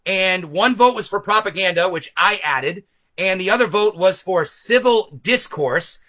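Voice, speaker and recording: A man's voice: sits high, lively intonation, measured pace, bright, forceful tone. A man hosting a video, retelling a movie in a casual, rambling, profane way with frequent self-corrections. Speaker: host.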